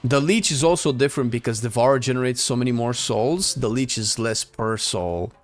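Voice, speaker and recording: A man's voice: mid-range voice, normal speed. A man casually commenting on his gameplay as a streamer, chatty and laid-back, answering his chat. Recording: faint music under the voice. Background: faint game music.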